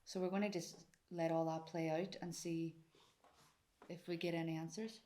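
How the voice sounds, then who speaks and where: A woman's voice: lowish voice, little pitch movement, moderate pace, warm tone. A woman on a ghost hunt in an old castle at night, speaking in a matter-of-fact but uneasy way. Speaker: paranormal investigator. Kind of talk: casual ghost-hunt chat.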